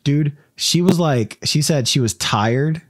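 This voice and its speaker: A man from Tennessee hosting a podcast, telling a rambling, animated story and laughing often. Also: fairly high pitch, takes it slowly, dry recording, clean studio sound. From Tennessee, USA. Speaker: podcast host. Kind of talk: casual storytelling chat.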